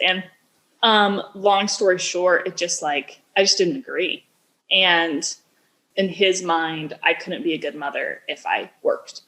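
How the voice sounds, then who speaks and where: A woman's voice: on the low side, measured pace, fairly bright tone. A woman in her thirties, a business founder, speaking as a podcast guest and telling a personal story in a chatty way, saying "like" often and acting out quoted dialogue.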